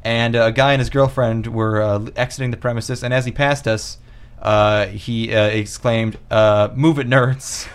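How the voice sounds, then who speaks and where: A young man co-hosting a podcast, chatting casually in a rambling, halting way with many fillers. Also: fairly low pitch, flat delivery, clear, resonant tone. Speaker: podcast co-host. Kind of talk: casual chat.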